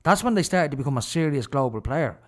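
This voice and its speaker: An Irish man holds forth alone on his radio show, ranting with indignation and hammering his points home. His voice sits somewhat higher than most men's. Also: lively intonation, quick pace. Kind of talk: solo opinion monologue.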